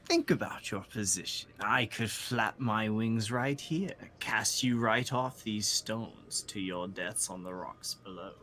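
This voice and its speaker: A man voicing a huge, smug talking bird that speaks in a slow, silky whisper. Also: on the low side, a little hiss or hum. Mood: menacing. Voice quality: soft, drawn-out menacing whisper.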